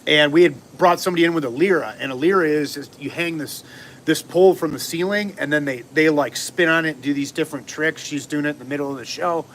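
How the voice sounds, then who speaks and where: Guy rambling through an old story on a livestream, kinda high voice, bit of hiss behind him. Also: fast talker. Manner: rambling, animated, acts out quotes. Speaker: vlogger telling a story.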